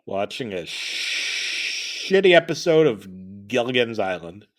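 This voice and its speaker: A man's voice: lowish voice, sing-song, takes it slowly, a bit bright. A man narrating a comedic horror-parody story with crude, rambling, self-deprecating jokes.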